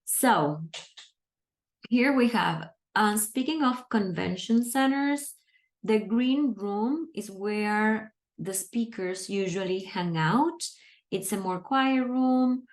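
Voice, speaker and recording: A woman's voice: medium pitch, slow pace. A woman teaching English, reading a book aloud and patiently explaining its grammar and vocabulary step by step.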